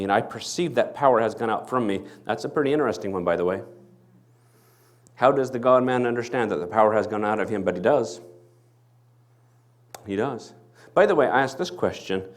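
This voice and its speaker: A male pastor preaching a sermon, acting out the people in the story as he goes. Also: mid-range voice. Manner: animated, acts out the people in the story. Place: church.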